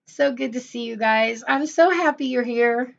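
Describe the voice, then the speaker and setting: A woman's voice: a little high, normal speed, vocal fry. Effusive woman host, dull lo-fi sound. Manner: gushing, effusive greetings, repeats herself. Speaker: channel host on a livestream. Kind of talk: casual livestream chat greeting viewers.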